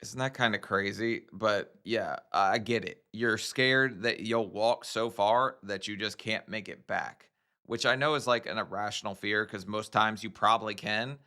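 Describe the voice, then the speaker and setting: A man's voice: lowish voice, a little slow, pushed and bright. A man hosting a reaction video, talking in a blunt, chatty way with lots of fillers. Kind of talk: casual commentary.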